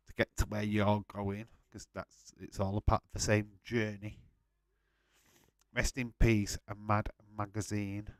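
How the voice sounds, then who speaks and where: A man's voice: fairly low pitch, no room sound. A man hosting a casual live-stream watch-along, chatting to viewers by name, laughing often and swearing freely.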